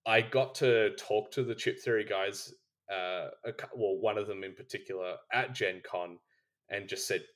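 Guy co-hosting a board game pod, lowish voice, loose rambly chat. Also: a bit bright. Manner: rambling, with frequent restarts and laughs. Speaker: podcast co-host. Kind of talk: casual chat.

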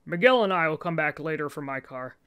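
A woman doing a calm, courteous male friend. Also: deep voice, fairly quick, smooth.

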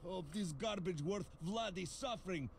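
A scornful, grumpy robot teddy bear with an accent. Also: male voice, high-pitched, moderate pace, creaky, over a noisy crowd. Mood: sneering. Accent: foreign accent. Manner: scornful, calls everything stupid garbage. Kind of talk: video game character dialogue.

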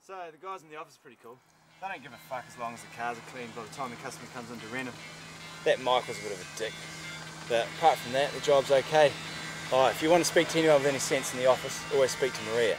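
A man's voice: medium pitch, fast talker, music in the background, close to an everyday voice, rough recording. A young man with a New Zealand accent playing a brash, crude car-yard worker who swears constantly in naturalistic indie film dialogue. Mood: laid-back. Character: brash foul-mouthed young Kiwi car washer.

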